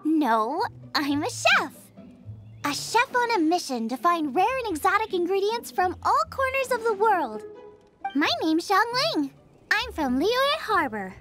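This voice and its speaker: A woman's voice: extremely high pitch, soft background music, exaggerated voice. A woman playing a cheerful, food-obsessed young female chef in a video game, bubbly and eager. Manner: bubbly, enthusiastic, rapid excited outbursts.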